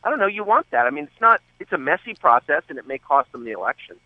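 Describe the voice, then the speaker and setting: A man talks on political radio with a lively, wide-swinging delivery, his pitch leaping as he drives a point home. He is sardonic, with quick asides. His voice comes through a dull, lo-fi line with no room sound. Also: no echo. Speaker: radio show guest. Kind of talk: political talk radio interview.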